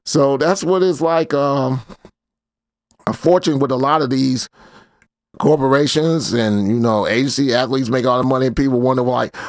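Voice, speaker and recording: A man's voice: mid-range voice, normal speed, dry recording, studio quality. A man hosting a casual commentary show, talking in a loose slangy way with lots of fillers. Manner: laid-back slangy rambling, many fillers. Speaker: host.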